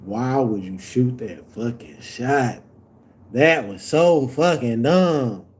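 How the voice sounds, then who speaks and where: A young man reacting live to a basketball game, yelling at the players and swearing, moving from low grumbling to loud outbursts. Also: expressive, slow pace, a little hiss or hum. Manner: yells at the players, profane and exasperated; swings from low muttering to loud shouts.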